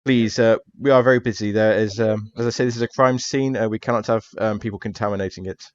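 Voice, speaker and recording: A man's voice: lowish voice, fairly even intonation, fast talker, no echo, muffled recording, natural voice. A man voicing a flustered, stammering Italian police detective who keeps repeating himself.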